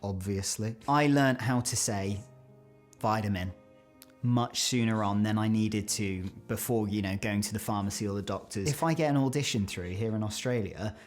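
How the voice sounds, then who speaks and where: A man's voice: on the low side, normal speed, soft background music. A man, talking to camera in a playful, self-mocking way as a video creator. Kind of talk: scripted commentary to camera.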